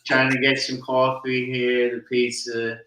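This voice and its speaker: A man putting on a brash Jersey Italian-American guy with a thick New Jersey accent, swaggering and clipped. The voice is bright and carries an echoey room around it. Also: mid-range voice, monotone, unhurried. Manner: swaggering, clipped street talk.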